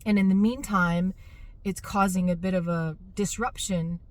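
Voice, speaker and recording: A woman's voice: lowish voice, fairly even intonation, normal speed, no room sound. A middle-aged woman chatting casually to camera in a vlog, exasperated and laughing at herself. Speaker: fitness business owner.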